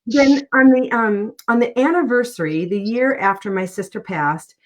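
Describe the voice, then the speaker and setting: A woman's voice: fairly high pitch, moderate pace. A middle-aged woman, a guest author in a casual interview, talking in an earnest, heartfelt way as she tells personal stories.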